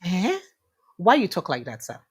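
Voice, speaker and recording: Hosting a livestream interview, a woman with a Nigerian accent chats casually in both Pidgin and English, with plenty of filler sounds. Her fairly low voice is slightly rough, with huge swings in pitch and a moderate pace.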